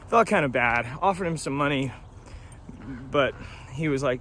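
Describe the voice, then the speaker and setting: A man talks to his handheld camera while out on a long hiking trail. His voice sits a little high, and his manner is relaxed, slangy and quick to laugh. Faint outdoor noise hangs under the recording. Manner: laid-back, laughing, slangy. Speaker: thru-hiker vlogger. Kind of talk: casual trail vlog. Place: outdoors at a forest campsite.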